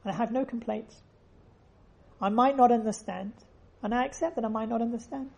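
Husky, earnest woman teaching faith. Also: on the high side, a little fast, a little mellow. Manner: earnest, repeats phrases for emphasis. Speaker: religious teacher. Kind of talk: faith lesson with storytelling.

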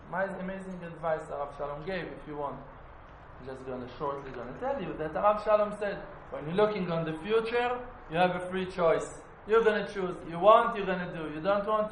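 A man teaching a Talmud class in an animated way, at times slipping into a chanting study singsong. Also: on the high side, slight background noise. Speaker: Torah teacher. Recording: roomy echo, faint ambience.

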